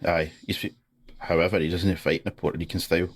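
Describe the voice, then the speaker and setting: A Scottish man with a very low voice, chatting on a podcast. He is laid-back and hesitant, and his sentences are full of ums and ayes as he works out what to say. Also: fairly even intonation, fast. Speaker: podcast co-host. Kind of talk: casual podcast chat.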